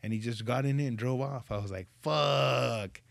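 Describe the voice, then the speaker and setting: A man's voice: medium pitch, normal speed, creaky, dry recording, studio quality. A man hosting a podcast, casually telling profane stories and acting out the dialogue. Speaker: podcast host. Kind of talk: casual chat.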